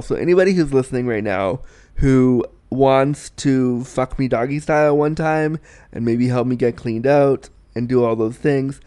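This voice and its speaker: Young man, podcast host, smooth clear voice, frank, animated, candid advice chat. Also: medium pitch. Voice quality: frank, animated, self-deprecating, giggly.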